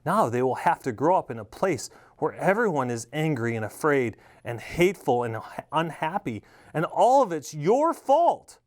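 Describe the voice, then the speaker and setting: A man's voice: mid-range voice, expressive, moderate pace, hardly any pauses, lightly acted. A man voicing an indignant mother of two in a read-aloud storybook, reproachful and accusing. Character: angry mother of two, scolding.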